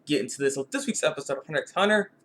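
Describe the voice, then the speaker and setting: A man's voice: fairly high pitch, expressive, very fast, background noise. A man giving a casual spoken video review, rambling and repeating himself with frequent restarts.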